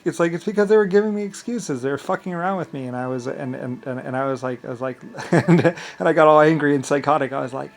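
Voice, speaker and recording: A man's voice: on the high side, fast. A man vlogging in a rambling, profane monologue, full of grand claims and frequent laughter.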